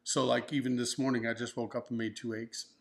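Brisk and creaky, this man's mid-range voice barely shifts in pitch. Co-hosting a couple's keto diet vlog with a broken ankle, he talks in a joking, wandering, casual way.

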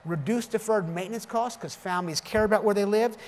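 A man's voice: high voice, brisk. Man giving a keynote in a hall. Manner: storytelling, emphatic, jokey asides. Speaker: keynote speaker. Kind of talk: conference keynote speech. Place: large conference hall. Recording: reverberant hall with faint noise.

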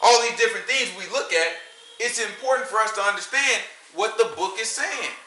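A man preaching a sermon. He talks in a lively, conversational way and often breaks into shouts. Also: high voice, brisk, roomy sound, poor audio.

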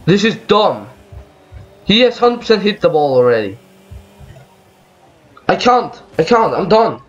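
A man's voice: high voice, big pitch swings, a little slow, lo-fi sound. A man giving angry gameplay commentary, swearing and ranting about lag as he plays. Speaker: gaming video creator.

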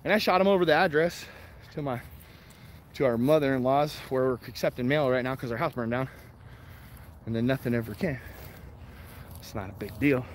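This time the man's voice sits in the mid range, a little fast but broken by long pauses, with slight background noise. Still out walking his dogs, he reads the chat aloud and replies in a laid-back, foul-mouthed, blunt way, laughing often.

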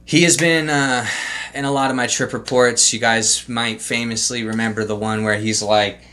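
A man's voice: medium pitch, fairly even intonation, normal speed, pushed and bright. A young man casually telling a story straight to camera, loose and profane, full of fillers. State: emotional, holding back tears. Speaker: vlogger. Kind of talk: casual trip report monologue.

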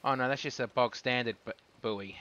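Aussie bloke talking over his game stream, sharp bright voice, swears a bit when it goes wrong. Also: medium pitch, a little fast, muffled recording, a little hiss or hum. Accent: Australian. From Australia. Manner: chatty, swears when frustrated. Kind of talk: casual live game commentary. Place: home room with fireworks outside.

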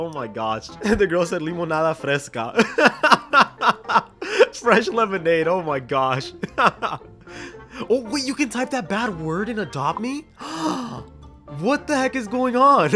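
A man giving excited gameplay commentary, often breaking into laughter and reading chat messages aloud in an exaggerated voice. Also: sits high. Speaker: gaming YouTuber.

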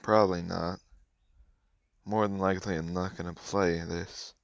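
In a very low, deep voice with vocal fry, a man talks a little slowly through a mobile card game, muttering offhandedly. His gameplay commentary stays relaxed and chatty, and the recording is dry and close with no surrounding room.

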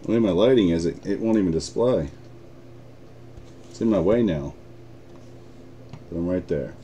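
A man's voice: low-pitched, animated, moderate pace, mellow, slight background noise. A man with an American accent hosting a live card break, chatting casually, swearing and laughing often.

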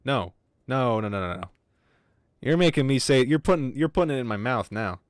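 Male streamer, rambling and jokey, foul-mouthed, dry close sound, mid-pitched. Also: animated, normal speed, no echo. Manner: rambling, joking, swears a lot. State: wheezy breathing from asthma. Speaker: gaming streamer. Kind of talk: casual livestream chat.

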